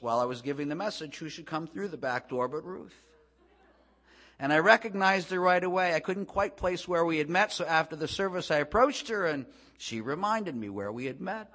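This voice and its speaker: A male preacher giving a sermon to a congregation, impassioned and swelling to loud climaxes before dropping to soft, quiet stretches. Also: medium pitch. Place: room with a congregation.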